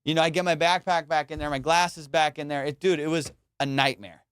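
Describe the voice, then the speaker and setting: A young man hosting a podcast, telling a story in an animated, casual way, swearing and saying "dude" and "bro" a lot. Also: on the high side, brisk, smooth, no room sound, clean studio sound. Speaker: podcast host.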